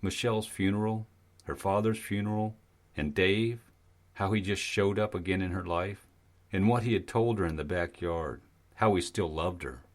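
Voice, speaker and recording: A man narrating an audiobook in a steady, even storytelling manner. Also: sits low, moderate pace. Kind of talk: scripted narration.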